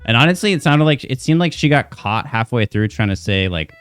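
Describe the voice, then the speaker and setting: A young man streamer rambling through a funny story, animated and cursing freely, full of restarts. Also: medium pitch, brisk, smooth, dry recording, soft background music. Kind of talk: casual storytelling.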